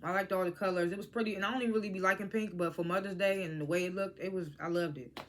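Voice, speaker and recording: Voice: mid-range voice, racing. A vlogger giving a casual, blunt spoken review of a reality TV episode, using speech and acting out what the cast said. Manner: animated, blunt, swears freely, quotes cast members.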